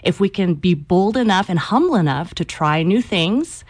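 A woman's voice: lowish voice, lively intonation, moderate pace. A woman who is an author and guest in an interview, speaking earnestly and with emphasis as she gives faith-based advice. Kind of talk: conversational interview.

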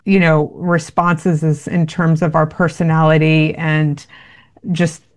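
A woman's voice: sits low, level tone, unhurried. A woman giving parenting advice in an interview, earnest and explanatory, with many fillers. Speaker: parenting expert guest.

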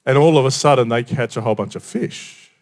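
A man preaching a sermon in a conversational storytelling way, often dropping quiet for emphasis. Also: medium pitch, a little fast.

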